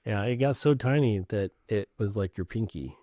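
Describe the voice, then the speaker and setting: A middle-aged man with a fairly low voice co-hosts a casual podcast chat. He tells stories in an animated way and swears freely. The sound is dry and close. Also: normal speed, no room sound. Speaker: podcast co-host.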